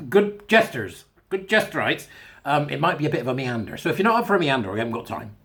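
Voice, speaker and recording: Male online commentator, slightly high voice with a swooping, animated delivery. Meandering, sarcastic, chatty. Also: fast, vocal fry. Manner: animated, mocking and sarcastic, with asides. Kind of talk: rambling casual commentary.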